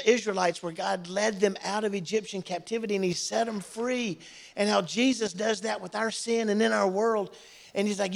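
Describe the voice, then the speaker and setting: A middle-aged male pastor preaching a sermon in a church, swinging between loud outbursts and quiet, emotional asides. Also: high voice, fairly quick, gravelly.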